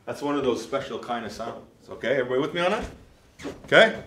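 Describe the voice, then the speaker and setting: A man teaching a language class, saying words slowly and clearly so the students can repeat them. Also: medium pitch, sing-song, pushed and bright. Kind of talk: classroom lesson. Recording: echoey room, mic far off, faint noise.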